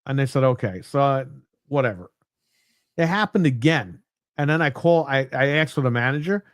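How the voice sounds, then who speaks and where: A man's voice: medium pitch, animated, normal speed, no room sound, studio quality. A man co-hosting a gaming podcast, telling rambling anecdotes with casual swearing. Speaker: podcast co-host. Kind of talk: casual chat.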